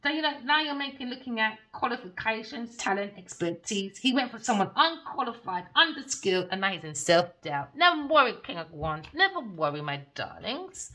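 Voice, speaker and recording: Scornful, swearing tarot reader. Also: female voice, a little high, very animated, normal speed, hardly any pauses, bright, forceful tone, poor audio. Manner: profane, scornful, theatrical. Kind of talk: sarcastic tarot reading.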